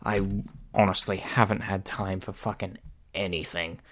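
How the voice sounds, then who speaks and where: Low-voiced man rambling on a podcast. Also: fairly even intonation, moderate pace, a bit bright. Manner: rambling, swearing, hesitant fillers. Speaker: podcast co-host. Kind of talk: casual chat. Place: home, on a Discord call.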